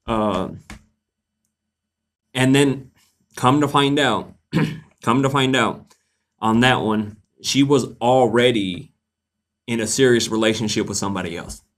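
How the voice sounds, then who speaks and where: A man hosting a live Q&A, casually telling a story to his viewers, animated, laughing often and swearing freely. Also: medium pitch, takes it slowly, pauses often. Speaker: host of a live Q&A stream.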